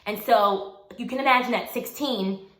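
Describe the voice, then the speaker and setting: Brief: woman in her twenties, bright higher voice, chatty storytime vlogger, echoey room. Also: normal speed. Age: 20s. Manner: chatty, animated, calls the listener girl and honey. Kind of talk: casual storytime chat. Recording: roomy echo.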